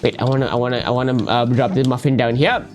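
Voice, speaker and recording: A player voicing a weary radish father who answers his son with dry, deadpan comebacks, in a game voice-over. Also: mid-range voice, fast talker, faint music behind, natural voice.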